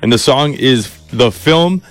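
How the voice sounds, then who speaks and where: A relaxed male radio host reading out dates and events of the day, trading easy banter and quick laughs with his co-host. His voice sits at a mid pitch, and a faint music bed runs beneath him. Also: no echo. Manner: reads history items, laughs easily. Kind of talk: radio segment chat.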